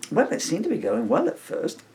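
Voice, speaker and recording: A middle-aged man reading his own comic story aloud with wry, deadpan humour. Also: sits high, brisk. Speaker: author reading his book.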